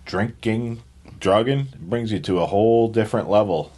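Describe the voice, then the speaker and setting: A man co-hosting a recovery podcast, talking in reflective casual chat about addiction, low-key with quiet asides. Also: normal speed.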